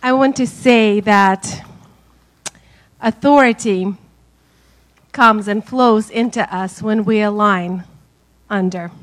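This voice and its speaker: A woman sharing thoughts in a sermon, measured and thoughtful. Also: medium pitch.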